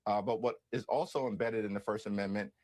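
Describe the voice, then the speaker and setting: A male politician makes a calm statement in a fairly low voice. He speaks deliberately and pauses on small fillers. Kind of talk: public statement to the press.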